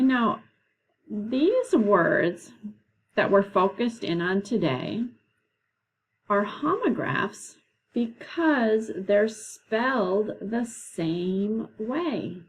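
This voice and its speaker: A woman teacher leading a classroom lesson, explaining patiently and slowly, with frequent "okay"s. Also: mid-range voice, breathy edge, poor audio. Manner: slow, patient, drawn-out explanations.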